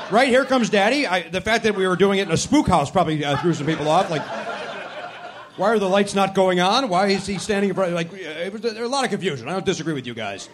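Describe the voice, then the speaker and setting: A man hosting a podcast live on a comedy club stage, talking in a brash, sarcastic, profane way. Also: high voice. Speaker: podcast host. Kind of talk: live stand-up style podcast banter. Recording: live club recording with crowd and noise. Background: audience laughter.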